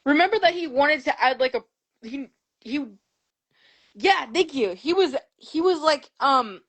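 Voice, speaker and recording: A woman's voice: sits high, animated, unhurried, a bit bright. Young woman chiming in on a livestream. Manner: hesitant, profane, stacking fillers. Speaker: guest joining the stream. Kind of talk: casual livestream chat.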